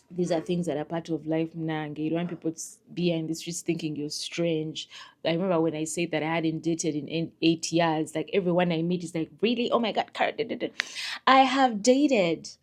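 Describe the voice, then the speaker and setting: This young vlogger has a fairly low-pitched voice and talks at an ordinary speed. Addressing the camera in a relaxed life-update video, she's frank and laughs often, her volume ranging from quiet murmurs to squeals.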